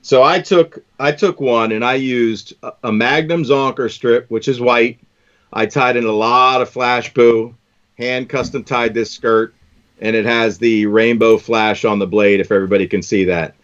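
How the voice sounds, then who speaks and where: A man's voice: medium pitch, steady tone, unhurried, a bit bright, dull audio. A man hosting a live stream, chatting casually and enthusiastically while tying fishing lures, often calling people "man".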